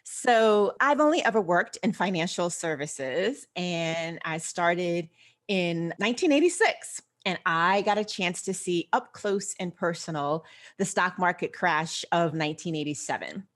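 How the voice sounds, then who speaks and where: An older woman, a financial behaviorist, telling her story as a guest in an interview in a measured, articulate way. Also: fairly low pitch, animated. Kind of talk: interview answers.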